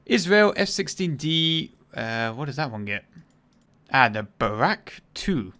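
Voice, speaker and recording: A man's voice: mid-range voice, lively intonation, measured pace, pushed and bright. Joking, irreverent male game streamer. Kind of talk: casual gameplay commentary.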